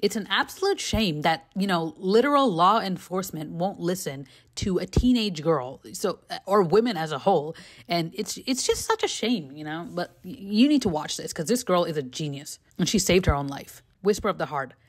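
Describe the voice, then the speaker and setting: Brief: young female vlogger, animated and candid, big pitch swings, casual movie chat. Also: normal speed. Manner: animated, profane, gushing. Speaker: film reviewer vlogger. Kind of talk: casual film review vlog.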